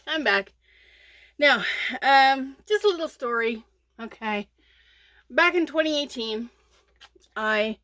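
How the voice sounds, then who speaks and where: Slow, rambling woman crocheter. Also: fairly high pitch, a bit bright. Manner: rambling, chatty, with many fillers and restarts. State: sleepy, yawning. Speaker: crochet channel host. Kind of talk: casual crochet vlog chat.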